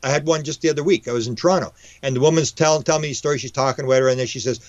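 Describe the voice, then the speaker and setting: A man, a UFO researcher and guest, telling stories in a rapid, animated way, often restarting and acting out dialogue. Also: mid-range voice, no room sound. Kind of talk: animated storytelling. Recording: dull lo-fi, dry sound.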